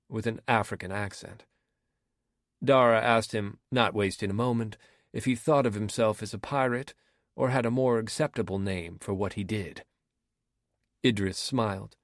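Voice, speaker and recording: A man's voice: lowish voice, moderate pace, dry recording, clean studio sound. Man narrating a crime audiobook. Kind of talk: scripted narration.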